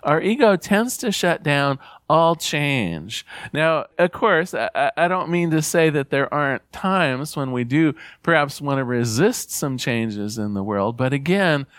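A man giving an earnest spiritual talk, reading passages aloud and repeating key phrases gently. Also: on the high side, animated, a little slow, few pauses, no room sound, clean studio sound. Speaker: spiritual teacher.

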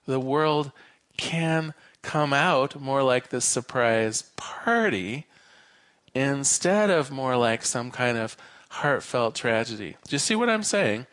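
A man minister giving a sermon, an animated storyteller who shifts between quick and slow delivery. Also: mid-range voice, no echo. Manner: animated storyteller, varies his pace.

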